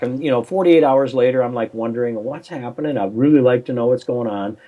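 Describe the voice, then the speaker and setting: A man's voice: mid-range voice, fast, hardly any pauses, lo-fi sound. An older man, a coach and interview guest, telling a story over a remote call in a rambling way, with many restarts and acted-out phone voices.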